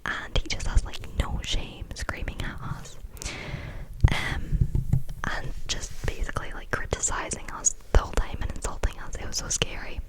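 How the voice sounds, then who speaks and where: Whispering ASMR-style, a young vlogger vents about her rough day at work, rambling along with plenty of filler words. The recording is low quality, and her delivery moves at a moderate speed.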